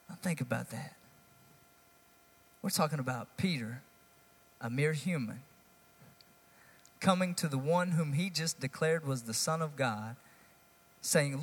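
A male pastor giving a sermon, casual and animated, stressing lines and talking straight to the congregation. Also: fairly high pitch, a little slow, long pauses, slightly rough, long reverb tail. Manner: animated, conversational preaching with rising emphasis.

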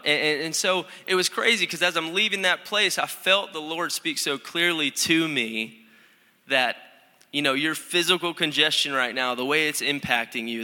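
A fairly high-pitched, bright and forceful voice belongs to a young student pastor preaching in a church sanctuary despite an allergy-stuffed nose. His sermon is chatty and self-deprecating with many restarts, echoing with long hall reverb.

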